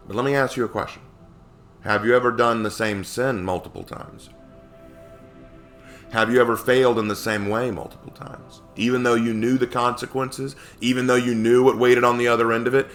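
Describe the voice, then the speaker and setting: A man's voice: medium pitch, a bit bright. A man giving a casual Bible lesson, talking conversationally and asking many rhetorical questions. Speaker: Bible teacher.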